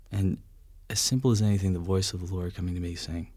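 Man, lowish voice, animated storyteller, acts out dialogue, dry close sound. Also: fast, few pauses, no echo. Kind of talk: casual conversation.

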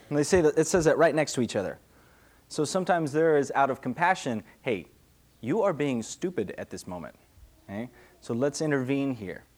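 A young man giving a casual question-and-answer sermon as a pastor, talking conversationally and often checking in with "okay?". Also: medium pitch.

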